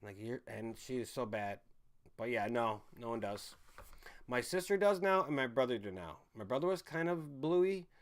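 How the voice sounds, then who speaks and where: A man talks casually to his livestream chat in a loose, rambling way. His voice sits at an ordinary middle pitch. He swears freely and breaks into laughter often. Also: very animated, moderate pace. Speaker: livestream host reading viewer chat. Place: home in a city.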